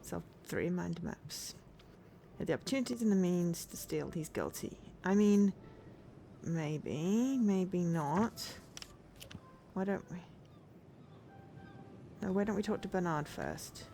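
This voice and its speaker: A woman's voice: fairly low pitch, expressive, slow pace, creaky, long pauses, dark tone, a little hiss or hum. A woman streamer chatting casually and rambling as she plays a game, laughing easily. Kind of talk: casual let's-play commentary.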